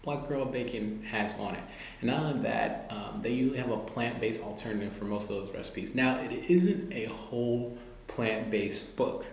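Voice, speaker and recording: A man talking casually to the camera as a vlogger, relaxed and loose, with lots of "you know" and "like". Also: mid-range voice, normal speed, gravelly. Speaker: vlogger reviewing cookbooks. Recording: very echoey room, faint noise.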